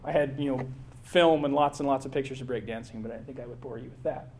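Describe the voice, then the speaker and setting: A man's voice: medium pitch, steady tone, fast talker, a little mellow. Rambling American man narrating travel slides. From United States. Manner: rambling, with many fillers and restarts. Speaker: presenter giving a slide talk. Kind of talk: casual travel slideshow talk.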